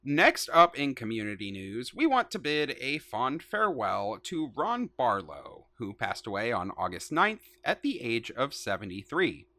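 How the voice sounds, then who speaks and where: A woman's voice: extremely low pitch, sing-song, unhurried, hardly any pauses, a bit bright, no echo. A woman co-hosting a casual podcast, joking and reading out news segments. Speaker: podcast co-host.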